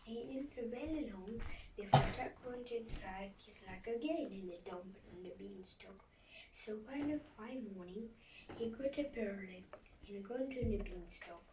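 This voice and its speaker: A woman reading a fairy tale aloud, often in a hushed whisper, with a dramatic manner. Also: a little high, measured pace. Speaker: storyteller. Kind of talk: storybook narration, often whispered. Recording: echoey room, far from mic, faint hiss.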